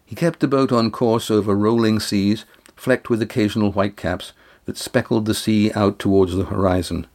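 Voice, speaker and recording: A man narrating a sailing adventure novel in an even, unhurried way. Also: on the low side. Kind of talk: audiobook narration.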